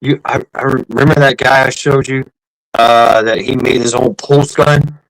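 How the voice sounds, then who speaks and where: Gravelly-voiced guy hosting a live stream, lots of uh and you know, chatty. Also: medium pitch, fairly even intonation, normal speed, low-quality recording. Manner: rambling, many fillers and restarts, reads out chat. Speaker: livestream host. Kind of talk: casual livestream chat.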